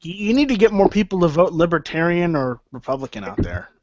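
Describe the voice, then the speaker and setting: A man co-hosting a casual podcast chat, tossing out quick joking replies. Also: a little high, big pitch swings, darkish tone. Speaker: podcast co-host. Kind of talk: casual pre-show chat. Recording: dry, dull voice call.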